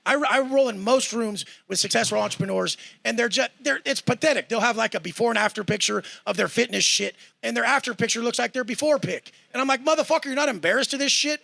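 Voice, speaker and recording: A man's voice: very high-pitched, fast talker, vocal fry, hardly any pauses, bright, forceful tone, no echo. A man ranting in a cocky, profane way, mocking others in put-on voices. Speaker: guest in a clip being reacted to. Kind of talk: brash boastful rant.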